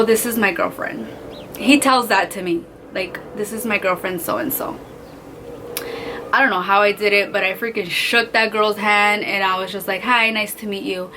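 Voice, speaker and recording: A woman's voice: mid-range voice, sharp tone, a little hiss or hum. A young woman vlogger telling a personal story in a candid, casual way, swearing freely and using lots of fillers. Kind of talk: storytime vlog.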